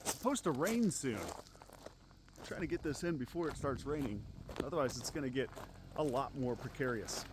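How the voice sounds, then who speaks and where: A man's voice: mid-range voice, lively intonation, moderate pace. Easygoing man narrating a drive. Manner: easygoing, explaining as he goes, with chuckles. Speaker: car reviewer. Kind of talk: casual narration while driving off-road. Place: inside a truck cab on a rocky trail. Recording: engine and road noise from a truck cab.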